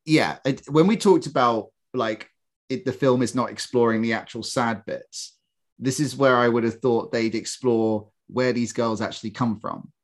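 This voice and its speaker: A man's voice: mid-range voice, normal speed. A man co-hosting a podcast, chatting casually about a film and laughing often, with sarcastic jokes. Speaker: podcast co-host. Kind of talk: casual film review chat.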